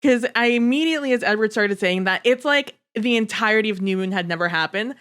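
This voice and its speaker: A woman co-hosting a casual book discussion podcast, chatty and animated, acting out characters' lines and swearing casually. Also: medium pitch, quick pace, clear, resonant tone. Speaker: podcast co-host.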